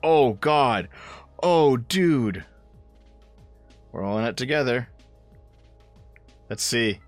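A man's voice: mid-range voice, animated, very slow, no echo, faint music behind. A man in his thirties giving casual, blunt and profane commentary while reacting to video clips. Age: 30s.

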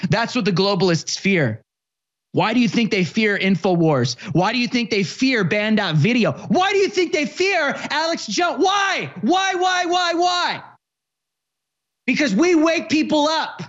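A speaker in their twenties hosting a political commentary show, ranting with impassioned, sarcastic shouting. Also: mid-range voice, expressive, normal speed, muffled recording.

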